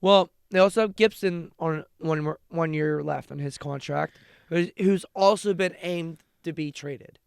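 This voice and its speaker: A man's voice: a little high, measured pace, vocal fry, smooth, no echo, clean studio sound. A young man co-hosting a podcast, teasing his partner and talking hockey with emphatic conviction. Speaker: podcast co-host. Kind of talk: casual sports chat.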